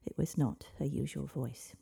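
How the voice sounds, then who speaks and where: A woman narrating a children's fantasy story in a soft, half-whispered, breathy reading. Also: a bass voice, steady tone, normal speed.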